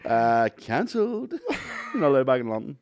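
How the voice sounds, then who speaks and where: A man's voice: mid-range voice, very animated, normal speed, darkish tone, clear, resonant tone, dry recording. A young Northern Irish man co-hosting a podcast in casual banter, swearing freely and reading out listener questions. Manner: sweary, reads listener questions, laughs often. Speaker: podcast co-host.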